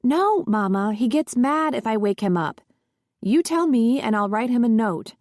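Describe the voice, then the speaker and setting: A woman's voice: fairly high pitch, expressive, normal speed, darkish tone, dry recording, studio quality, close to an everyday voice. A woman voicing an anxious grown son who tries to placate his demanding mother. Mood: anxious pleading. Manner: nervous, eager to please.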